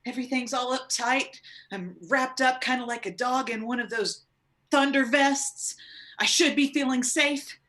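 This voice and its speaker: A woman's voice: high voice, measured pace, bright, forceful tone. A woman playing a nervous young male superhero in college, rambling in a panic over a video call.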